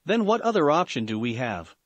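A man voicing a blunt, outspoken young devil woman who argues forcefully. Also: a little high, sing-song, a little fast, no echo. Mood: insistent.

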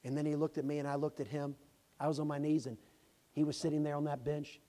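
A man preaching a sermon, telling a story with lively swings from loud exclamations to hushed asides. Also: a little high, fast. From Tennessee, USA. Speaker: pastor. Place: church sanctuary.

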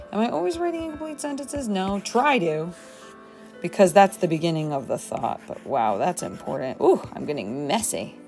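A woman's voice: deep voice, creaky, a little mellow. A woman teacher thinking aloud as she writes a journal entry for her students, musing and talking to herself. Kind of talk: thinking aloud while writing a journal demo.

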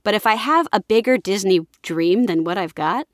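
A woman's voice: medium pitch, moderate pace, no echo, clean studio sound. A young adult woman, a voice actress, chatting enthusiastically in an interview. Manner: enthusiastic, animated, often slips into voices. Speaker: voice actress guest. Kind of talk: casual interview chat.

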